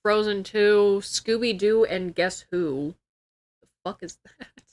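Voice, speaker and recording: A woman's voice: medium pitch, takes it slowly. Casual swearing woman streamer. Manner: swears freely, exclaims in disbelief. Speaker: livestreamer. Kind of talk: casual chat.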